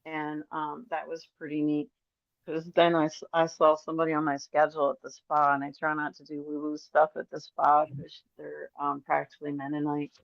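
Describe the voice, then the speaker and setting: A middle-aged woman, a podcast guest, telling rambling, animated stories and acting out the voices of the people in them. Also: low voice, moderate pace, gravelly, dry recording. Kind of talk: casual storytelling interview. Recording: dry, slightly dull audio.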